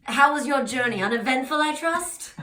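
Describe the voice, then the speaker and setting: A woman's voice: sits high, expressive, normal speed, pushed and bright, reverberant, distant mic, slight background noise, voice pushed up. Woman putting on a French-accented male clerk. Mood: formal, polite. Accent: French, put on. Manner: polite, formal, slightly theatrical.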